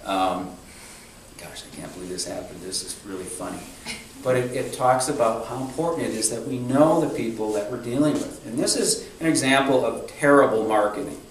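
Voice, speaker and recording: Businessman giving a talk, lively storyteller. Recorded far off in a very echoey room with faint hiss. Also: medium pitch, moderate pace. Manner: animated storyteller, acts out quotes. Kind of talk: speech to a networking group. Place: meeting room.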